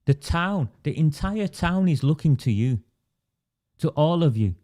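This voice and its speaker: A man's voice: a little high, lively intonation, unhurried, mellow. A man hosting a political livestream, emphatic and indignant, stopping to answer viewer comments. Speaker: livestream host.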